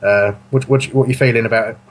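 A man's voice: mid-range voice, fairly even intonation, fast. A man hosting a casual football fan podcast, rambling and correcting himself as he goes. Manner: rambling, self-correcting, chuckling. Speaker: podcast host.

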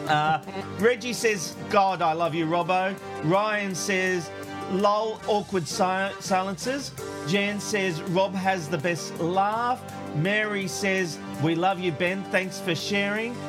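A high-pitched man hosting a chat show and reading out listener messages. He is jokey and laughs easily. Music plays clearly under his voice. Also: slow pace. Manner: jokey, laughs often, reads comments aloud. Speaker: co-host reading listener feedback. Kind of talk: casual chat show banter.

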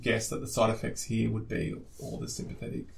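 A man's voice: on the low side, monotone, fairly quick, gravelly, a little hiss or hum. A man co-hosting an educational podcast who asks questions and recaps what his partner has said. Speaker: co-host.

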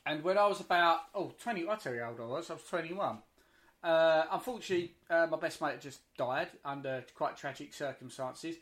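A man chats on a video call, easing into a story about a house party. His voice sits a little high for a man, and he talks in a loose, self-deprecating way. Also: a little fast, a bit bright. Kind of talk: casual chat.

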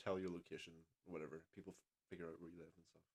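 A man's voice: sits low, very fast, slightly rough. A young man, co-hosting a casual podcast and telling stories with lots of laughter. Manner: animated, laughing storyteller. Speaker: podcast co-host. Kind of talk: casual chat. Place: indoor room with co-host.

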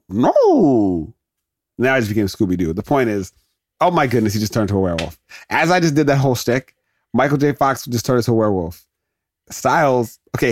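A man's voice: mid-range voice, no room sound, studio quality. A man hosting a podcast, giving rambling solo commentary on a movie as he watches. He laughs often and interrupts himself. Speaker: podcast host. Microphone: close podcast mic.

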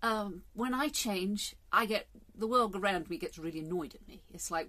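A woman's voice: medium pitch, normal speed, few pauses, bright, forceful tone. Woman, fifties, casual vlog, rambling, candid, reflective. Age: 50s. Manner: rambling, candid, swears for emphasis. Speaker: vlogger.

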